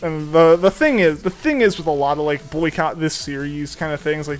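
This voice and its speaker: A young man talks casually while he plays, rambling through his thoughts with plenty of "like" and "uh" and frequent restarts. His voice sits a little high for a man. Faint game music plays behind him. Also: brisk. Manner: rambling, with many fillers and restarts. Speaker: streamer. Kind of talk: casual chat while gaming.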